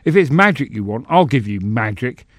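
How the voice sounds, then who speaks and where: A man's voice: medium pitch, very animated, normal speed, fairly bright tone, dry recording, studio quality. A man voicing a blustering, bloated halfling senator who rants in a bombastic stump-speech manner. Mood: furious. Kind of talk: storybook reading.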